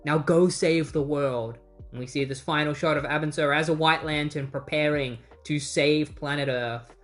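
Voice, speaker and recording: A host walks through a comic storyline in a loose, chatty retelling, leaning on "and he's like" before acting out the lines. The pitch sits mid-range. Soft music plays low underneath. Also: fairly even intonation, moderate pace. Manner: retells scenes casually with "is like", acting out quoted lines. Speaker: comic book retrospective host. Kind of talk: casual recap narration.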